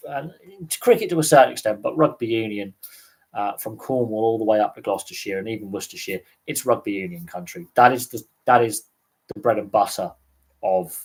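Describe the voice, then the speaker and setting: A man's voice: on the low side, breathy edge. A man hosting a casual livestream, rambling with fillers, his voice starting to go after hours of talking. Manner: rambling, many fillers and restarts. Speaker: livestream host.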